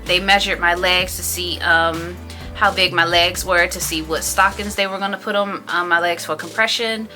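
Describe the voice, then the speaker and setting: A woman in her thirties tells a personal story in a casual vlog. She is animated and acts out the other people in it with raised voices. Her voice is bright and clear, with faint music playing underneath. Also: on the low side, normal speed. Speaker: beauty vlogger.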